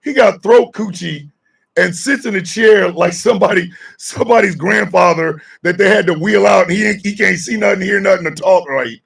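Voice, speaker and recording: Man, radio show host, high raspy voice, loud mocking comedic rant, a bit off-mic. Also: normal speed. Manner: shouting, mocking, excitable riffing.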